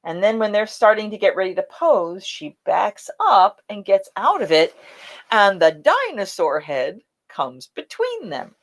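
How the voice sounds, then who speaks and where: A woman hosting a casual live chat, telling stories in an animated way and acting out quotes. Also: mid-range voice, measured pace. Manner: animated, laughing storyteller who acts out quotes. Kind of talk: casual live-stream storytelling.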